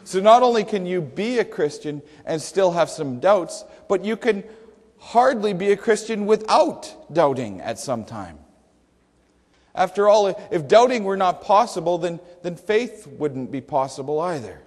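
A man's voice: sits high, sing-song, measured pace, darkish tone. A male pastor preaching a sermon emphatically, with rhetorical questions and dry humor. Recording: long hall reverb.

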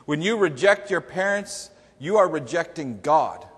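A man's voice: fairly high pitch, lively intonation, a little slow, a bit bright, breathy edge. Man preaching a sermon in a reverberant church. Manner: conversational, emphatic, quizzes the congregation. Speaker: pastor. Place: church sanctuary before a congregation. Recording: long hall reverb.

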